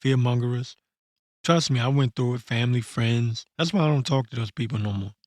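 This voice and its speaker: A man's voice: medium pitch, darkish tone, no echo. Blunt, profane man in a dry room. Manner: reads verses slowly with self-corrections. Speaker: online commentator. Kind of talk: blunt unscripted rant with scripture reading.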